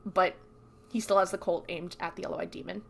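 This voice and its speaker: A woman's voice: fairly low pitch, fairly even intonation, brisk, creaky, a bit bright. A woman co-hosting a podcast, casually recapping TV episodes in a chatty storytelling way and acting out the characters' lines. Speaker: podcast co-host.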